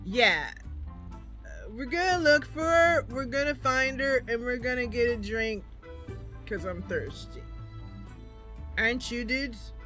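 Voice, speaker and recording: A woman's voice: fairly high pitch, unhurried, long pauses, bright, forceful tone, faint music behind. A woman voicing a drunk young person in a red superhero suit, with a lazy, laid-back drawl. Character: sullen drunk in a red suit, girl or teen.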